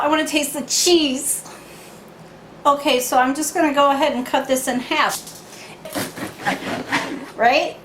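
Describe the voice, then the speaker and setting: A woman's voice: high voice, a bit bright, roomy sound, slight background noise. A woman doing a bubbly Harley Quinn. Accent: put-on Harley Quinn Brooklyn-style accent.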